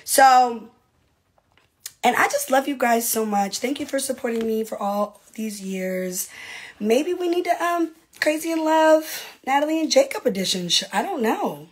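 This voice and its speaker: A woman's voice: on the high side, animated, unhurried. A woman, a reality TV personality, in a casual livestream rant to her fans, brash and profane with mocking asides.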